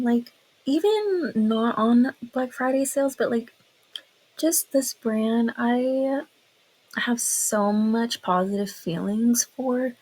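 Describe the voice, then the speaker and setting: A woman's voice: a little high, expressive, a little slow, a little mellow, poor audio. A young woman chatting casually to camera about a perfume she loves, gushing and filling her talk with "like". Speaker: beauty vlogger.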